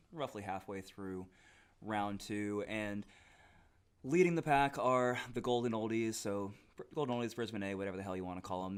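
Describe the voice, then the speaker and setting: A man's voice: lowish voice, clear, resonant tone. A man co-hosting a podcast, reading out standings bluntly, swearing and tripping over names. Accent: Australian. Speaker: podcast co-host.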